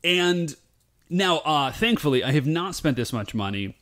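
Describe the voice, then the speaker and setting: A man co-hosting a podcast in casual chat, animated and rambling, full of fillers. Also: a little high, measured pace. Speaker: podcast co-host.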